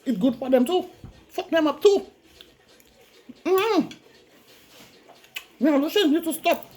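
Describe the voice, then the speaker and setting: A woman's voice: on the high side, a little mellow, breathy edge. A woman with a Saint Lucian accent ranting bluntly in a casual vlog, repeating herself for emphasis. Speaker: vlogger.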